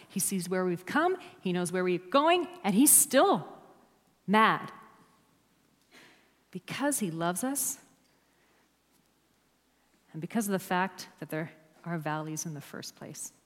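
A woman preaching a sermon to a church, emphatic and dropping to near-whispers on key words. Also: fairly low pitch. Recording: long hall reverb.

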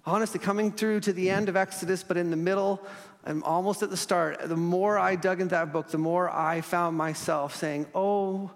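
A man preaching a sermon as pastor, earnest, slowing for emphasis and dropping softly at line ends. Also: high voice, fairly even intonation, gravelly. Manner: earnest, with slow emphatic pauses and sudden soft drops. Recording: long hall reverb.

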